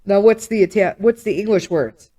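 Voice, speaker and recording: A woman's voice: mid-range voice, moderate pace. A middle-aged woman hosting a podcast, chatting casually and teasing with a laugh. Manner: warm, laughing, motherly teasing. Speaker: podcast host. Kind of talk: casual chat.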